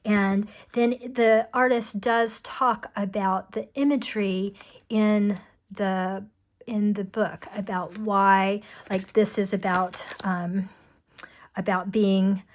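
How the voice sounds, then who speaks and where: A woman casually showing tarot decks, chatty and rambling with many ums and restarts, often dropping to a soft murmur. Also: mid-range voice, flat delivery, slow pace. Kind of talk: casual show-and-tell.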